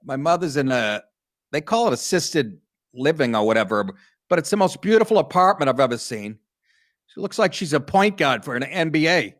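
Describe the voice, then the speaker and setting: A man's voice: a little high, very animated, normal speed, dry recording, studio quality. Crude, sardonic middle-aged male comedy host. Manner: sardonic, crude, reads news aloud then mocks it. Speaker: comedy talk show host. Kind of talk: profane comic riffing on news stories.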